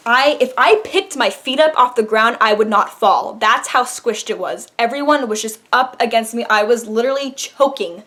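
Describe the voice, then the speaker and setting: A young woman vlogger telling a dramatic personal story in an animated, casual way. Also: a little high. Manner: animated, dramatic retelling with laughs. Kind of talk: storytime vlog.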